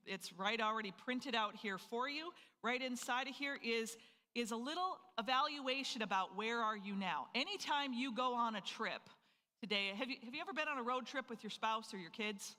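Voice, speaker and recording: A presenter from North Dakota leads a live financial seminar with an energetic, question-driven delivery. The voice has a bright, forward edge. It rings out with a long reverb tail in an event hall. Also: medium pitch. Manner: energetic, full of rhetorical questions to the audience.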